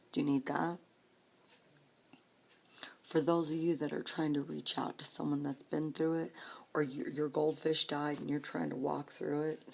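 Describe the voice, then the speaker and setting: A woman in her late forties speaking slowly and softly in a personal vlog, often close to a whisper, holding back tears. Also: deep voice, creaky, husky. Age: 40s. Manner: slow, soft-spoken, often near a whisper, earnest. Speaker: vlogger.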